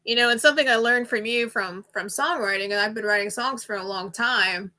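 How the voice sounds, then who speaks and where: A woman's voice: on the high side, fairly quick, pushed and bright. A woman hosting a podcast, asking rambling, chatty questions in a casual interview. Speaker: podcast host.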